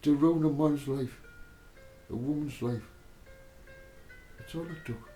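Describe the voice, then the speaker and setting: A man telling a rambling story in a repetitive, drawn-out way, swearing freely. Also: on the high side, mellow. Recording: roomy echo, faint music.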